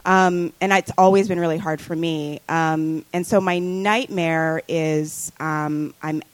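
Woman guest, casual story, halting delivery, slightly low voice, dry close mic. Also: fairly even intonation, no room sound, low-quality recording. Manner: hesitant, lots of ums and likes.

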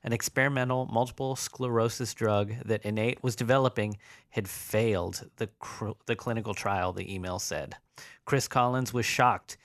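A man's voice: lowish voice, fairly even intonation, normal speed, dry recording, studio quality. A man co-hosting a comedy podcast, reading a news story aloud and spinning it into rambling, exaggerated analogies in casual chat. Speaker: podcast co-host.

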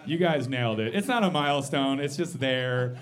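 A man in his thirties doing a live stand-up set in a basement venue, swearing freely, mocking himself and tossing quick asides to the crowd. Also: mid-range voice. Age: 30s. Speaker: stand-up comedian.

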